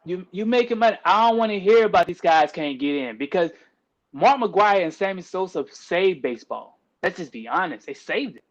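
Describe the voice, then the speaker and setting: A man's voice: high-pitched, expressive, moderate pace, lo-fi sound. A man co-hosting a podcast, arguing about sports in a casual, emphatic, slangy way and repeating points for effect. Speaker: podcast co-host.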